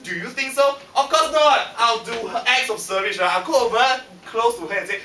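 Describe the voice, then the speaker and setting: Bright-voiced Singaporean man giving a speech. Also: very high-pitched, a little fast, hardly any pauses, slight background noise. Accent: Singaporean English. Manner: lively, punchy, audience-teasing. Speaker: speech contest speaker. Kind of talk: humorous prepared speech. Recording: echoey hall from far off.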